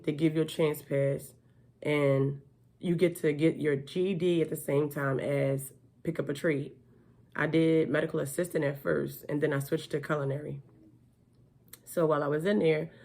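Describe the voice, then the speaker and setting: A woman with a low voice tells her own life story in a candid, chatty way. She talks casually, with fillers and false starts, and lets laughter slip in as she goes. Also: gravelly, darkish tone.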